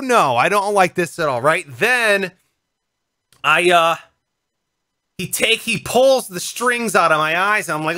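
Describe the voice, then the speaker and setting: A male radio host in casual conversation, telling a story in an animated way and acting out voices and sounds. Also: fairly high pitch, no room sound, studio quality. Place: radio studio.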